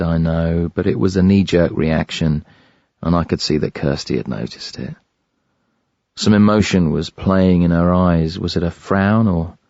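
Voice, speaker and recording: A man reading a first-person thriller audiobook in a measured, grave way. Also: low-pitched, gravelly, a little mellow, no room sound. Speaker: audiobook narrator. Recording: dry, slightly dull studio recording.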